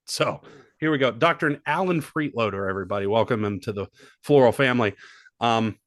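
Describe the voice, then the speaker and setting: A man's voice: medium pitch, brisk, dry recording, studio quality. A man co-hosting a comedy podcast, joking and swearing in casual chat. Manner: animated, profane, joking. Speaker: podcast co-host.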